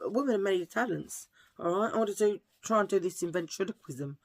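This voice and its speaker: Quick-paced and lively in intonation, a woman with a medium-pitched voice chats to camera as a beauty vlogger. She's jokey and rambling, full of cheesy one-liners and side tangents.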